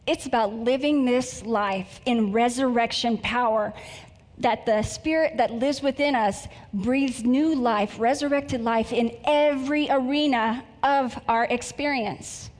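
A woman preacher delivering an earnest, emotional sermon with prayer and stories in a church hall. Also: on the high side. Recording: echoey hall reverb.

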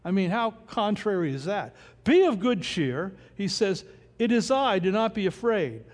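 A man's voice: high-pitched, normal speed, long reverb tail. A man preaching a sermon, reading scripture verse by verse and asking rhetorical questions. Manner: expressive, rhetorical questions, reads scripture aloud. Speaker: pastor.

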